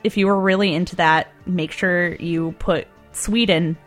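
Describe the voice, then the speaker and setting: A woman's voice: on the low side, fairly even intonation, unhurried, faint music behind. A young woman co-hosting a casual college-style radio show, laid-back, swearing and laughing as she backs-announces songs.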